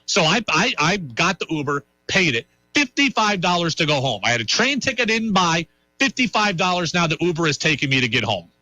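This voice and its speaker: Guy in his 30s rambling on about his night on his radio show, self-deprecating, bright slightly high voice, dry mic. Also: very animated, brisk, no echo, rough recording. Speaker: radio host. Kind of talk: casual storytelling monologue.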